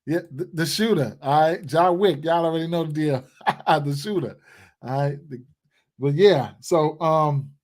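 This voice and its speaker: A man with a fairly high voice chats live with his viewers about sports picks. he talks in a loose, rambling way, full of slang and asides to his audience. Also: measured pace. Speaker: sports betting live stream host. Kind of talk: casual live stream chat.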